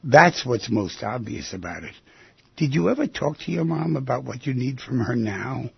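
A man's voice: medium pitch, animated, normal speed, gravelly, husky, no room sound. A middle-aged man hosting a radio call-in show, counseling callers in a direct, coaxing, plain-spoken way. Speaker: radio call-in host and therapist. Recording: dry, muffled radio broadcast audio.

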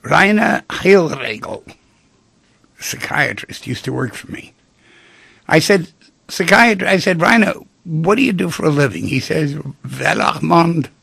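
Gravelly, animated radio host man. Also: fairly high pitch, normal speed, dry recording. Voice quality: gravelly, husky voice. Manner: animated storytelling, acts out quoted people. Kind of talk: radio talk monologue. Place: radio studio.

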